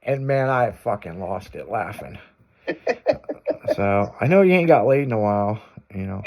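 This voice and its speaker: A man's voice: fairly low pitch, expressive, normal speed, darkish tone. Crude, laughing male radio host. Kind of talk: casual radio banter.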